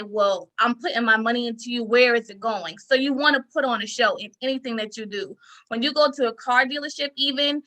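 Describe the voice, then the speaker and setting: A woman insurance broker, a podcast guest, talking casually and telling stories with lively emphasis. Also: on the high side, low-quality recording. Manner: animated storyteller, acts out quoted lines with emphasis. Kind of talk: casual interview talk.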